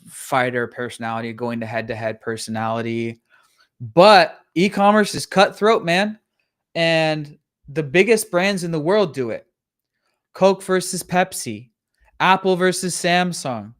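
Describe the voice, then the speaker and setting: A man's voice: fairly high pitch, fairly bright tone. A man hosting a live stream, talking casually with hyped energy, slang and a lot of swearing. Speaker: host of a live listing audit.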